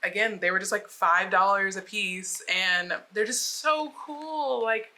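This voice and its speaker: A woman's voice: medium pitch, unhurried, sharp tone. A young adult woman from the United States, chatting casually and bubbly while unboxing, with many filler words. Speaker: vlogger.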